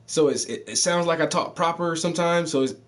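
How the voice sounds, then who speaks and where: A man's voice: on the high side, fairly quick. Profane, laid-back storyteller man with a Southern-Northern mix. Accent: mixed Southern and Northern US. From Southern United States. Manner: loose, profane street slang with frequent laughs. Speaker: podcast host telling stories. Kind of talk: casual storytelling.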